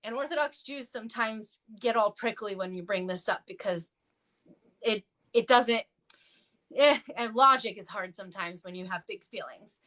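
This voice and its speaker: A woman's voice: moderate pace, bright, forceful tone. A woman talking casually in a livestream discussion, telling stories in a chatty way with many fillers. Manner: acts out quoted voices with jumps in pitch. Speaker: clergy guest in a discussion.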